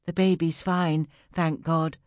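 A kind, worried midwife, as the narrator puts her on murmurs in a hushed voice at a patient's bedside. It comes from an audiobook with a dry, close recording. The tone is quiet and caring. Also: low-pitched, flat delivery, takes it slowly, no echo. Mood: hushed concern.

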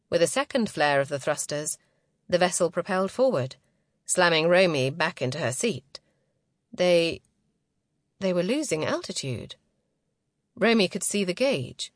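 Low-voiced woman narrating a sci-fi story. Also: no room sound, clean studio sound. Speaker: audiobook narrator. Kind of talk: scripted narration.

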